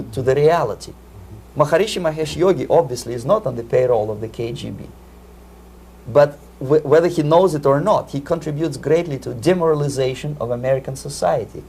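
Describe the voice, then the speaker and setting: A man's voice: medium pitch, gravelly, darkish tone, slightly rough. A middle-aged man, giving emphatic interview testimony and often repeating words as he searches for phrasing. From Soviet Union. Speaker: interview guest, former propaganda agent.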